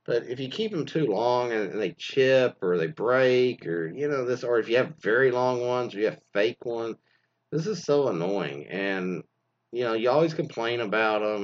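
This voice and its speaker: A man's voice: medium pitch, expressive, moderate pace. Profane rambling man ranting. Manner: profane, rambling, full of fillers. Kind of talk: casual rant. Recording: dull lo-fi recording.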